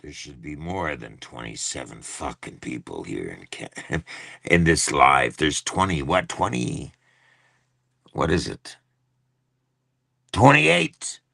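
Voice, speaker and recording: A man's voice: sits low, creaky, pushed and bright, dry recording, clean studio sound. A man hosting a livestream, delivering a heated, profane rant in a repetitive, angry style. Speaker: livestream host. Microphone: phone.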